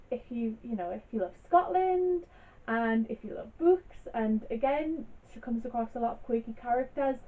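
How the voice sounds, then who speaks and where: A young woman talks through her book picks in a loose, rambling way, filling her sentences with giggles and fillers. Her voice sits a little high, and it comes across thin and tinny, as if heard over a phone line, with the speaker set back from the mic. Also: recorded from a distance. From Newcastle, England. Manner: chatty and rambling, full of "like" and giggles. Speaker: book vlogger. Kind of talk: casual book review chat.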